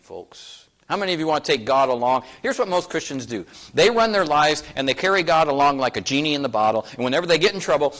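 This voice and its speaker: A man's voice: medium pitch, a bit bright. A middle-aged man from North Dakota preaching a sermon in a conversational, folksy way, building up to emphatic questions for his congregation. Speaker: pastor.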